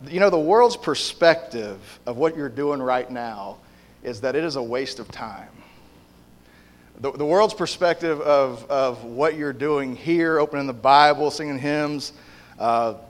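A man preaching as a pastor in a church, relaxed and joking, with frequent fillers. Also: medium pitch. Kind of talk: casual sermon with prayer. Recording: long church hall reverb.

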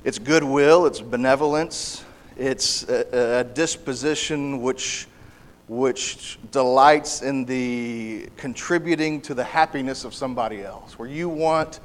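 A man delivers a sermon in a mid-pitched voice. He speaks earnestly and haltingly, stumbling over his words, repeating them and restarting his sentences. He pushes louder on the phrases he means to stress. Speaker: preacher.

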